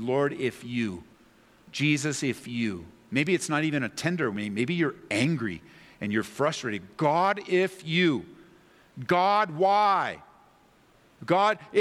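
A man's voice: mid-range voice, fairly bright tone, big-room sound. A man preaching a sermon as a pastor, earnest and pleading, building to impassioned peaks.

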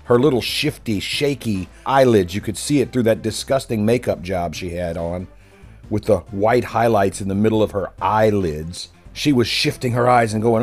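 A man's voice: fairly low pitch, expressive, moderate pace, darkish tone, faint music behind. A man hosting a political commentary show, talking in a sarcastic, derisive and emphatic way.

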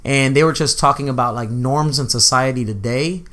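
A man's voice: mid-range voice, moderate pace, fairly bright tone. A young man chatting on a casual podcast. His talk is loose and full of swearing. He keeps breaking into laughter and acting out movie lines in other voices. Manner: loose and profane, laughs often, acts out movie quotes. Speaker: podcast host.

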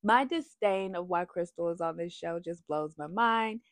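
A woman's voice: on the low side, moderate pace, no echo, clean studio sound. A woman giving a sassy, chatty recap of a reality TV show, talking straight to her viewers. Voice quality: animated, sassy, breaks into sung lines. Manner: chatty, addresses viewers as y'all. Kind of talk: casual opinionated recap.

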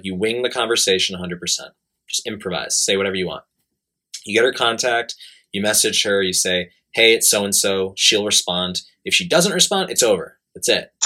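A man's voice: lowish voice, pushed and bright. A man giving blunt, emphatic dating advice in casual talk, repeating key points. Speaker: dating coach.

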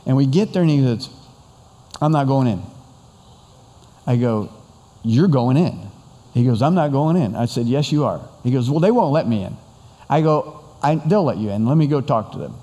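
A man's voice: mid-range voice, moderate pace, pauses often, long reverb tail. A man telling a rambling personal story, acting out the dialogue as he goes. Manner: rambling, animated retelling with quoted dialogue. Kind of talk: storytelling talk.

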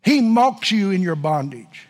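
Fervent preacher with a high, swinging voice. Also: male voice, big pitch swings, unhurried. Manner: preaching with swings from soft to shouting. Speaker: pastor. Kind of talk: sermon. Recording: long hall reverb with faint music.

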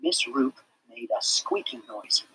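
An expressive narrator reading a children's chapter book aloud, sometimes dropping to a whisper. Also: slow pace, a little hiss or hum, rough recording. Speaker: storybook narrator.

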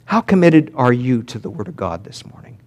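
Animated male preacher, lively pitch. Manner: animated preaching, rising and dropping sharply for emphasis; slows down to read scripture aloud. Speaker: pastor. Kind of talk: sermon.

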